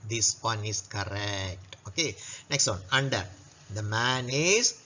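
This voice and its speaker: A man teaching a young children's English lesson, repeating words slowly and clearly. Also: fairly low pitch, animated, bright, forceful tone, muffled recording. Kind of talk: recorded class lesson. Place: classroom.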